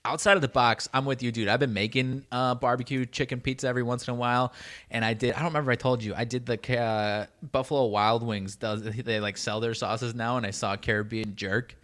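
A man's voice: mid-range voice, a little fast. Laid-back young guy saying "dude". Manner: relaxed, lots of fillers and "dude". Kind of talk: casual chat.

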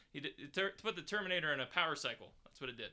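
A man co-hosting a casual sports talk show, animated and quick to laugh. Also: a little high. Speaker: podcast co-host.

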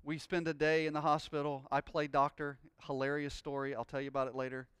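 Bright-voiced man preaching a sermon. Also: on the high side, flat delivery, a little fast, clean tone, no room sound, studio quality. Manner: builds from quiet storytelling to loud joyful preaching; exuberant, shouting praise. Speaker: pastor. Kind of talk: sermon with personal story.

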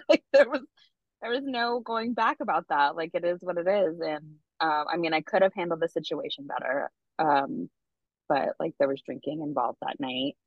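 A woman's voice: on the low side, animated, normal speed, no echo, highs cut off. A woman co-hosting a podcast, telling a story in a candid, profane, casual way with lots of fillers. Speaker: podcast co-host. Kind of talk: casual chat.

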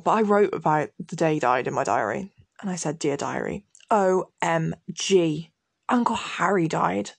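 Young woman, casual podcast host: giggly, self-mocking delivery, some vocal fry, dry close-mic sound. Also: mid-range voice, no room sound. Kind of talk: casual chat, reading from an old diary.

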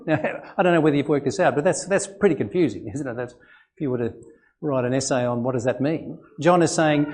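A male pastor with an Australian accent, preaching a sermon in a conversational way, full of rhetorical questions and animated emphasis. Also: a little high, brisk. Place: church.

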